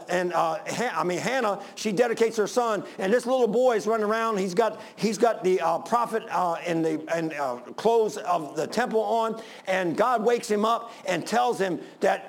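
A middle-aged male pastor preaching a sermon to his congregation, impassioned and repetitive, building up to shouting. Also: high voice, normal speed, creaky, hardly any pauses. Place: church sanctuary with congregation.

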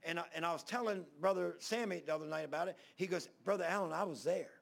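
A man's voice: a little high, fast, gravelly. A male pastor telling stories in a folksy, rambling sermon, acting out the people he quotes. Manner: folksy, rambling Southern preacher talk with quoted dialogue. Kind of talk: storytelling sermon.

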